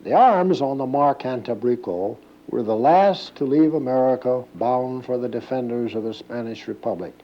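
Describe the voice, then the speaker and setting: A man's voice: medium pitch, normal speed, hardly any pauses, muffled recording. Man narrating a documentary. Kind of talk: scripted narration.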